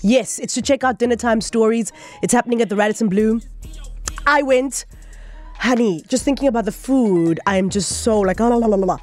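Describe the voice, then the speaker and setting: A woman's voice: on the high side, moderate pace, a little mellow, faint music behind. A woman hosting a radio show, talking in a bubbly, chatty, playful way. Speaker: radio host. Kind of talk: upbeat radio chat.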